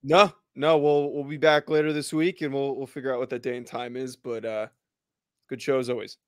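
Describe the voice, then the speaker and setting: A man's voice: medium pitch, little pitch movement, a little fast, no room sound, clean studio sound. A man co-hosting a sports podcast in casual chat, earnest and often repeating words as he starts a thought.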